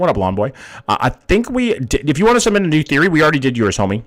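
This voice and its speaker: A man's voice: medium pitch, big pitch swings, brisk. A young man hosting a live stream, chatting casually with viewers, reading chat aloud and swearing often. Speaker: livestream host reading chat.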